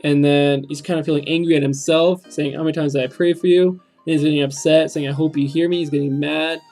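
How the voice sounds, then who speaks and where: A man's voice: fairly high pitch, steady tone, quick pace, a little mellow, faint music behind. A young man hosting a reaction video, talking through song lyrics in an earnest, reflective way with many ums. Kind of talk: casual spoken commentary on song lyrics.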